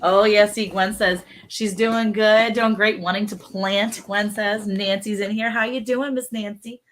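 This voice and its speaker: A woman's voice: medium pitch, fairly even intonation, a little slow, a bit bright. A middle-aged woman co-hosting a casual livestream, chatty and laughing often as she reads out viewer messages. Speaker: co-host of a livestream. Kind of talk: casual live chat reading comments.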